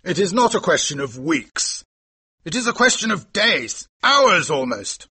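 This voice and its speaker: A firm, commanding older army officer, voiced by a man in a storybook. The voice is pitched above the narrator's own, bright and sharp with a husky edge. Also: very animated, unhurried, heavily acted. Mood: grave. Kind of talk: audiobook character voice.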